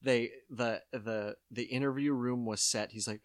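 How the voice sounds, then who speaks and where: Man, young adult, podcast co-host, casual comedic banter, rambling, medium pitch. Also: fairly even intonation, moderate pace, no room sound, clean studio sound. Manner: rambling, laughs often, trails off mid-sentence.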